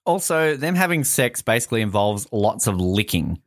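A man's voice: on the low side, big pitch swings, normal speed. A man co-hosting a casual movie recap podcast, teasing his co-host with wry jokes. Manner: joking, teasing, wry asides.

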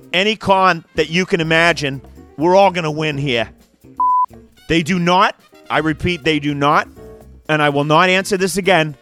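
A man delivering a deadpan mock advertisement bit. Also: on the high side. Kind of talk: comedic mock-announcer bit.

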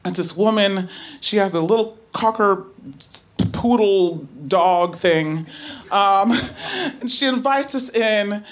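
A woman telling a true story on stage, chatty and animated, full of asides and filler words. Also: medium pitch, slow. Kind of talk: live first-person storytelling.

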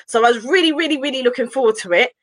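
Woman on a podcast, animated, keeps throwing rhetorical questions, dry close mic. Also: high-pitched, rapid-fire, dry recording, poor audio. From West London. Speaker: podcast co-host reviewing a film. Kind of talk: casual chat.

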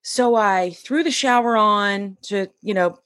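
A woman in her forties, a podcast guest, telling a personal story in a lively, animated way and acting out the voices of the people in it. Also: medium pitch, unhurried, no echo. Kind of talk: storytelling in an interview.

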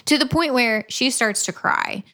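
A woman co-hosting a chatty podcast, walking through a book's plot at an unhurried, drawn-out pace. Her delivery is dry and deadpan, with casual swearing tossed into her asides. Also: on the high side. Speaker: podcast co-host. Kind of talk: casual chat, retelling a book plot.

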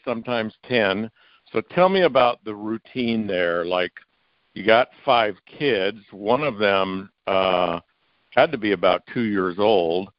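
A man's voice: on the low side, dry recording, dull audio. A male interview host who cuts in with direct, probing questions. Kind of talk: casual phone interview.

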